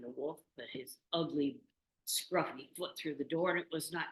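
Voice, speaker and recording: A woman storyteller telling a folk tale to a small group in a meeting room, lively and asking the audience questions. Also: low-pitched, normal speed. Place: meeting room in a community venue. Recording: roomy meeting-room recording.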